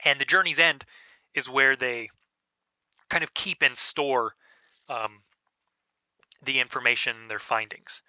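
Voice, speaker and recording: A man narrating a tabletop game as game master, in a casual, halting way with many fillers. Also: mid-range voice, sharp tone, no echo. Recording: dull, lo-fi podcast audio.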